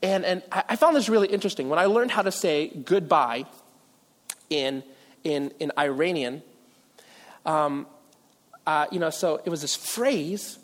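A man from Virginia preaching a sermon as pastor, animated and self-deprecating, with asides and restarts. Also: fairly high pitch, a little slow, pauses often. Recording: long hall reverb.

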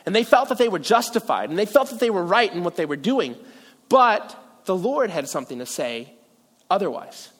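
A man from Virginia preaching a sermon as pastor, animated and self-deprecating, with asides and restarts. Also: high-pitched, normal speed. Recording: long hall reverb.

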